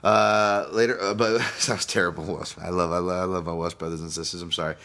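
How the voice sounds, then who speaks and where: Man, low voice, casual podcast host, rambling, profane. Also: level tone, quick pace, pushed and bright. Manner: rambling, profane, laughs at own jokes. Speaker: podcast host and fight analyst. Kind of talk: casual solo podcast breakdown.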